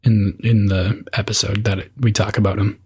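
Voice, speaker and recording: A man's voice: on the low side, little pitch movement, normal speed, a little mellow, slightly rough. A man co-hosting a podcast, chatting casually about a book, laughing often and teasing his co-host. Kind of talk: casual book discussion chat.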